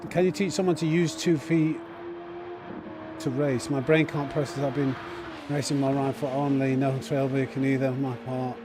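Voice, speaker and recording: A man's voice: medium pitch, flat delivery, moderate pace, noisy background. A man chatting casually on a live stream, reading chat and restarting his sentences often. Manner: chatty, reads chat aloud, frequent restarts and fillers.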